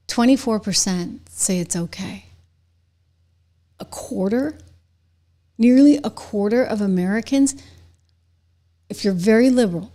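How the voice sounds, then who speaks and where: A woman hosting a political commentary show, delivering an opinion monologue straight to her viewers and building to loud, indignant outbursts. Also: mid-range voice. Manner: speaks directly to viewers.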